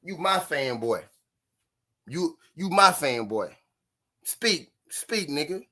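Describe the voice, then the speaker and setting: A man's voice: a little high, big pitch swings, takes it slowly, sharp tone. A man from Memphis, Tennessee, hosting a live stream and taunting his chat with mocking, repeated jabs and frequent laughter.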